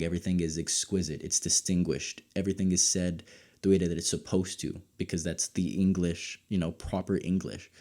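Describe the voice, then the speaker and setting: A young man with a low, dark-toned voice reviews a show casually and excitably. He drops into soft mutters, then bursts out loud and high. His pitch sits deep, and his tone stays mellow. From United States. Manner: excitable, animated, swings between low mutters and loud outbursts. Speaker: podcast host reviewing a show.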